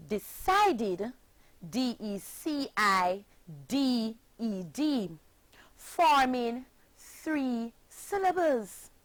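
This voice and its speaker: Jamaican woman teacher, very slow and careful for kids, fairly high voice, dry close sound. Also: a bit bright, dry recording, low-quality recording. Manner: slow, deliberate, spells words letter by letter. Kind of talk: scripted children's phonics lesson.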